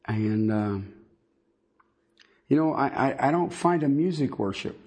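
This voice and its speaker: A man teaching a Bible sermon in a halting, conversational way, with many fillers and folksy asides. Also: medium pitch, lively intonation, darkish tone, slightly rough. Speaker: preacher.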